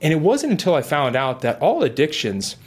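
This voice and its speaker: A middle-aged man earnestly telling his own recovery story in a talk, animated and acting out his inner voice. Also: on the high side, a little fast, husky. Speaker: guest sharing recovery story. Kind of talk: earnest personal testimony.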